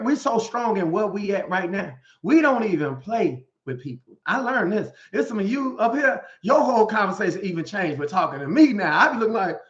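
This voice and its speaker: High-voiced man preaching in an echoey room. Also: fairly bright tone. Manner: emphatic, rhetorical, slangy, frequent "right?". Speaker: life coach. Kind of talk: motivational preaching with Bible readings. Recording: echoey room, dull lo-fi sound.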